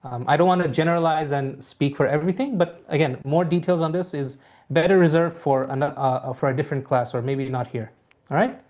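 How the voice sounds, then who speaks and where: Speaking a little fast in a steady, fairly high voice with a darkish tone, this young Bangladeshi man runs a live English lesson online via his laptop microphone. Bangla is his native tongue, and his mostly American accent shows traces of Bengali. His manner is warm yet hesitant, packed with fillers.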